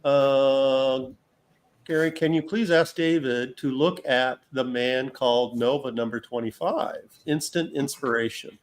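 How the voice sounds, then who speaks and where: A man's voice: mid-range voice, fairly even intonation, measured pace. Teasing man reading viewer questions. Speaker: comic inker and co-host. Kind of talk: casual chat.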